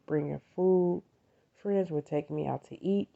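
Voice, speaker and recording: This American woman, middle-aged, hosts a podcast where she shares her faith and gratitude warmly and conversationally, often saying "you all" to listeners. Her fairly low voice has vocal fry and a moderate pace, and the sound is narrow and tinny.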